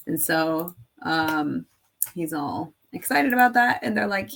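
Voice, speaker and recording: Slow-talking woman with a gravelly voice. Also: deep voice, expressive, fairly bright tone. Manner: chatty, rambling, laughs often. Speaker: craft video creator. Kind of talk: casual screen-recording chat.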